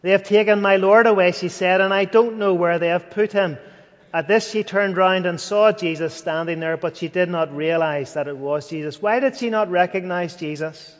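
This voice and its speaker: A man's voice: sits high, normal speed. A man preaching an earnest sermon, rising to fervent and dropping to near whispers. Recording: long hall reverb.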